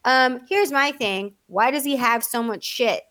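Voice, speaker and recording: Middle-aged woman, casual chat, animated storyteller, acts out voices, dry close sound. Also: a little high, measured pace, dry recording.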